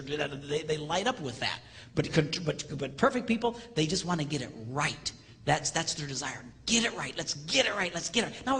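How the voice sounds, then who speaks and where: Animated high-pitched male lecturer. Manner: animated, acts out quoted voices for laughs. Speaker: seminar speaker. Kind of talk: live comedic lecture. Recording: reverberant hall with faint noise.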